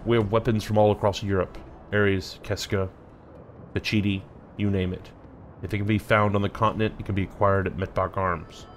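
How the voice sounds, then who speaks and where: A man voicing a stern, burly old arms dealer in a video game, with a put-on accent and a try at a deeper voice. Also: level tone, normal speed, slight background noise, close to an everyday voice. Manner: put-on accent, attempts a deep voice.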